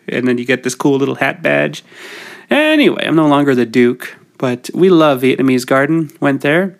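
A middle-aged Canadian man hosts a casual solo podcast while nursing a cold. His medium-pitched voice moves fairly quickly as he rambles, cracking jokes at his own expense.

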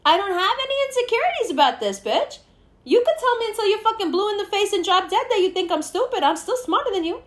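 A woman hosting a casual chat, animated and swearing freely as she acts out what people say. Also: very high-pitched, quick pace.

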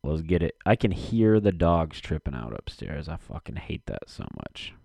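A man's voice: extremely low pitch, very animated, moderate pace, creaky, mellow, dry recording. A man rambling casually to himself and his audience from his basement, cursing often and muttering while he searches for something.

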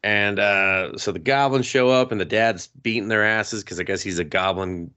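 A man casually recapping an anime on a podcast, crude and joking, popping into high silly voices for the characters. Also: moderate pace, pushed and bright. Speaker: podcast co-host. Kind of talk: casual anime review chat.

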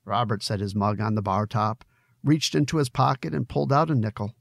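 A man's voice: fairly low pitch, brisk, creaky, dry recording, studio quality. A man reading his own novel aloud, then chatting casually about it with many hesitations and fillers. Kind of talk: audiobook narration then casual commentary.

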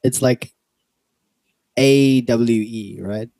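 A man's voice: mid-range voice, fairly even intonation, drawn-out words, dark tone, no room sound, clean studio sound. A young man co-hosting a podcast, chatting casually, teasing and laughing often. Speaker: podcast co-host. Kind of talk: casual chat.

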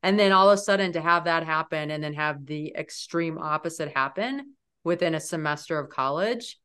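A woman in her forties, a guest on an interview podcast, telling stories in an animated, lively way. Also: deep voice, moderate pace, clear, resonant tone. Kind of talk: storytelling in an interview.

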